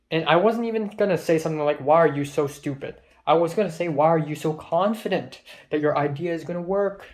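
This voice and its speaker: A man's voice: a little high, moderate pace, darkish tone. Rambling, swearing young man from Hong Kong. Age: young adult. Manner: rambling, profane, with many fillers. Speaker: film student vlogger. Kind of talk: casual diary vlog.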